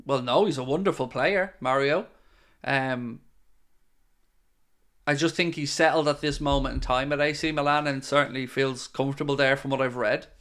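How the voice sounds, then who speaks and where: An Irish man chats on a live stream, reading out viewer questions and answering them with firm opinions. His voice is smooth and clear and sits at a middle pitch. He talks in a loose, friendly way. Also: fairly even intonation, normal speed, a bit bright. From Ireland. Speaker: host of a fan channel live stream. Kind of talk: casual live Q&A chat.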